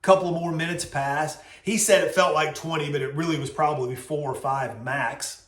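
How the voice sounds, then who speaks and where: Casting: animated male host, slightly high voice, storytelling in a roomy space. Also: normal speed. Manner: lively storyteller, acts out voices. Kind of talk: casual storytelling vlog. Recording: roomy echo.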